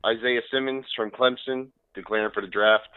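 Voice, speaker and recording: A man's voice: mid-range voice, steady tone, moderate pace, smooth, no room sound, narrow, tinny audio. A man on a casual sports talk show, bringing up news items and laughing easily.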